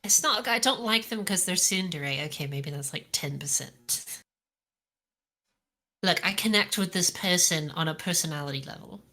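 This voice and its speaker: A woman with a bright, forward voice chats on a podcast. She is animated and giggly, often slipping into characters' voices as she talks. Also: lowish voice, normal speed. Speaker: podcast co-host. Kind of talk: casual chat.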